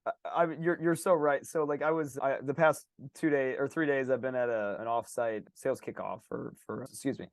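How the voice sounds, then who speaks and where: A man co-hosting a podcast, telling stories in a casual, energetic and animated way. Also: medium pitch, a little fast, dry recording, studio quality. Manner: energetic, animated storytelling with laughs. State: slightly sick. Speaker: podcast co-host.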